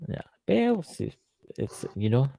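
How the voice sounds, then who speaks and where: A man's voice: medium pitch, sing-song, slow pace, gravelly, warm tone, dry recording. A man with a Scottish accent co-hosting a show, chatting casually, joking and teasing his co-host. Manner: joking, teasing, laughs often. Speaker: podcast co-host. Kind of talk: casual banter.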